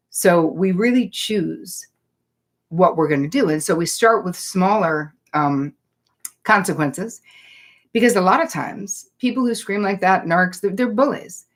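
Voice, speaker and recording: A woman psychotherapist hosts a live online Q&A, reading out viewer comments and answering them. She talks in a chatty, animated, direct way. Her voice sits a little on the low side. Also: moderate pace. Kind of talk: live-streamed Q&A, casual and direct.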